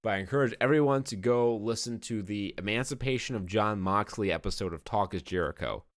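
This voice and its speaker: Podcast co-host, male, lowish voice, dry close sound, emphatic casual chat with swearing. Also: a little fast, no room sound. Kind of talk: casual wrestling review chat.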